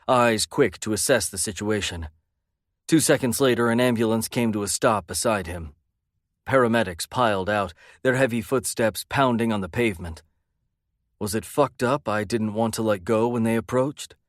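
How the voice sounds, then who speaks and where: A man's voice: on the low side, normal speed, dry recording, studio quality. A man narrating a first-person romance audiobook in an intense, brooding way.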